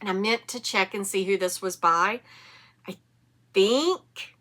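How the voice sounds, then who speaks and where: Bright-voiced chatty woman in her fifties. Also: mid-range voice, measured pace. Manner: chatty, rambling, self-correcting. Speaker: knitting podcast host. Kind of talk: casual chat to camera.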